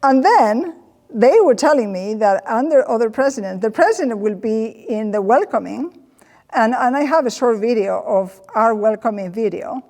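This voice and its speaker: A woman giving a comedic personal storytelling talk, animated and acting out the voices of the people she quotes. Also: fairly high pitch, moderate pace, big-room sound. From Spain. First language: Spanish. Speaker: presenter.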